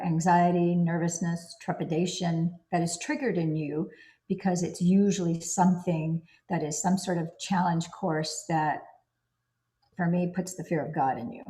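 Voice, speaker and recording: A woman's voice: lowish voice, warm tone. A woman host reading aloud from a book and then sharing her own experiences, talking in an earnest, emphatic way and piling up lists of words. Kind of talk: reading aloud and personal commentary.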